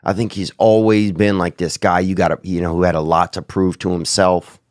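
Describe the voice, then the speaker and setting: A man's voice: low voice, level tone, a little fast, no room sound, clean studio sound. A sick, sniffling man hosting a podcast, riffing in a crude, slangy, rambling comic monologue. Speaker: podcast host.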